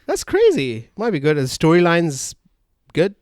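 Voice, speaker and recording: A man's voice: a little high, wildly swooping pitch, a little slow, darkish tone, no room sound, clean studio sound. Man tossing short teasing reactions. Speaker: podcast co-host. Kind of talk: casual chat.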